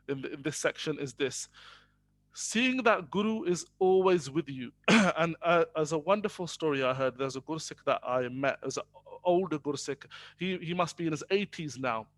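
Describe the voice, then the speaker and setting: A man's voice: a little high, a bit bright, no echo. A man teaching a class on Sikh faith, hesitant with many fillers, switching between English and Punjabi.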